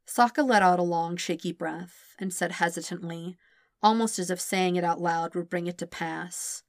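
A woman narrates a story aloud, reading fan fiction in an even, gentle way. Her voice sits on the low side and the recording is dry and close. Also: moderate pace, no room sound. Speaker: podfic reader.

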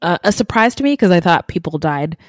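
A woman's voice: lowish voice, big pitch swings, a little fast, no room sound. A woman co-hosting a true crime podcast, chatting casually with blunt asides and frequent laughter. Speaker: podcast co-host.

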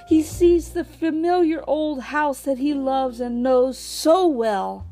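Slow, high-voiced woman reading a storybook. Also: soft background music. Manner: slow, gentle storytelling delivery. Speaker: storybook reader. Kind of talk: reading a children's story aloud.

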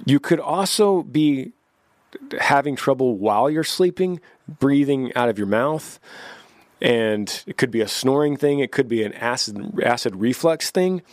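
A man's voice: mid-range voice, dry recording, clean studio sound. Easygoing man giving practical voice tips. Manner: easygoing, practical, demonstrates voice techniques. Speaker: singer giving vocal care tips on a podcast. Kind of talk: casual podcast advice. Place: podcast studio. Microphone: close podcast mic.

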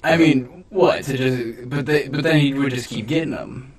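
A man's voice: medium pitch, normal speed, far from the mic, slight background noise. A man co-hosting a podcast in casual chat, rambling and hedging with frequent restarts and filler words. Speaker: podcast co-host. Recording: voice a bit off the mic.

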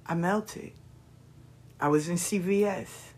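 A woman hosting a podcast, telling stories in a casual monologue, expressive and repetitive, swearing freely. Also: lowish voice, slow, pauses often, breathy edge. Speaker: podcast host.

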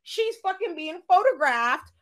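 A woman chatting on a podcast panel, telling profane, slangy stories that swing from low asides to loud laughing shouts. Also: big pitch swings, a little slow, no echo. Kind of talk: casual podcast chat.

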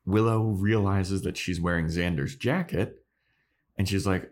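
A man co-hosting a podcast, chatting casually and acting out characters' lines in quick put-on voices. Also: sits low. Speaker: podcast co-host. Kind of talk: casual chat recapping an episode.

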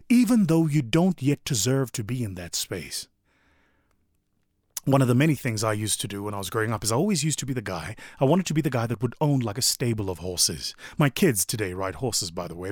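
A man's voice: mid-range voice, no room sound, clean studio sound. A middle-aged man giving a motivational talk, telling stories with emphasis and rhetorical questions. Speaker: motivational speaker.

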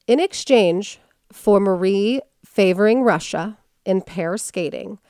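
A woman hosting a casual storytelling podcast, animated and full of fillers and quoted voices. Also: mid-range voice, clean tone, no echo, studio quality. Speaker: podcast host.

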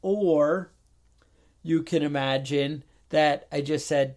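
Male podcast co-host, higher voice, lively delivery, acts out the people in his stories, exasperated asides. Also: unhurried. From New York. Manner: animated storyteller, acts out phone calls, gets exasperated. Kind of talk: casual chat.

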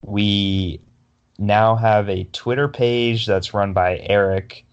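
A man's voice: lowish voice, fairly even intonation, slow pace, clear, resonant tone, dull audio. A young man co-hosting a sports podcast, telling a story in a rambling way with lots of fillers and restarts. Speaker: podcast co-host. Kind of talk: casual sports chat.

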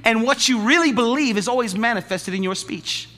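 Man preaching, high voice, bright and sharp, big church hall echo, animated and jokey. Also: fairly quick. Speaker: pastor. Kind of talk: sermon. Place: church sanctuary. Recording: long church hall reverb.

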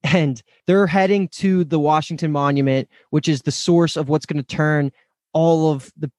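A man's voice: a little high, fairly even intonation, moderate pace, darkish tone, no room sound, studio quality. A man co-hosting a podcast, enthusiastically recapping a cartoon episode in casual chat. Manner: laughing, enthusiastic storyteller. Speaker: podcast co-host.

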